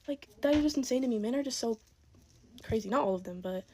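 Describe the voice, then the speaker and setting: Fast-talking eighteen-year-old woman. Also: a little high, lively intonation, warm tone, slight background noise. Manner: chatty, exasperated, quotes people in her own voice. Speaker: storyteller. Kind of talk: casual storytime.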